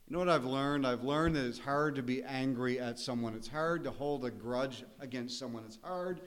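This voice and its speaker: Man, pastor, sermon, earnest, conversational, mid-pitched voice. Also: moderate pace, hardly any pauses. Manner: earnest, conversational preaching with laughs and rising emphasis.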